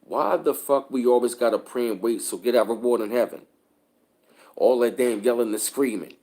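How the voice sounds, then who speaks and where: A man with a mid-range voice rants casually to the camera, swearing often and piling on filler as he tells animated stories. His delivery is loose and conversational, with frequent restarts. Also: medium pitch, normal speed. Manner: profane, animated storytelling, lots of filler. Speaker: channel host. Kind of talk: casual vlog rant.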